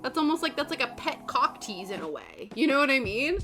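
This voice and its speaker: A chatty young woman talks through small stories in a loose, rambling way while she stitches on a stream. Her voice sits at an ordinary middle pitch. Background music plays clearly underneath. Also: expressive, brisk. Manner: chatty and rambling, reads chat aloud. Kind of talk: casual chat while cross stitching.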